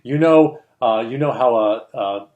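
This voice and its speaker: A man tells a story in a casual chat, his voice sitting at an ordinary middle pitch. He laughs often and acts out the voices of the people he quotes. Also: unhurried, phone-quality sound. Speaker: co-host of a film industry show.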